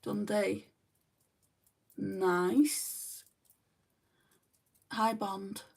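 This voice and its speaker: A woman's voice: mid-range voice, fairly even intonation, drawn-out words, gravelly, slightly rough, recorded from a distance. A woman with a New Zealand accent hosting a casual makeup livestream, chatting and answering viewer comments as she does her makeup. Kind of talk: casual chat reading live comments.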